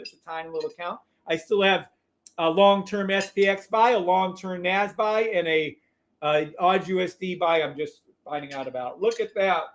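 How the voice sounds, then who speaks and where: A man hosting a live trading stream, calling trades in an excitable, profane, loud way. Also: high voice. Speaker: livestream trading host.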